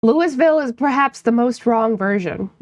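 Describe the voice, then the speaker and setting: A woman's voice: on the high side, animated, measured pace, darkish tone, dry recording. A woman from upstate New York, chatting casually with her live-stream viewers, playful and laughing often while she teases chat.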